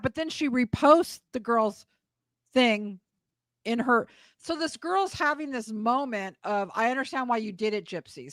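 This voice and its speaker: A woman's voice: fairly high pitch, a bit bright, no room sound. A woman hosting a live talk show, chatting and gossiping casually. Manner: chatty, gossipy, laughs along. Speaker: host. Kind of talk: casual chat.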